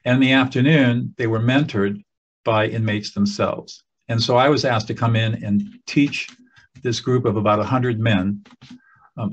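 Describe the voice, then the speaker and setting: A man telling a story in a relaxed talk, acting out the voices of the people he quotes. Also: medium pitch, breathy edge, highs cut off. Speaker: teacher of emotional skills.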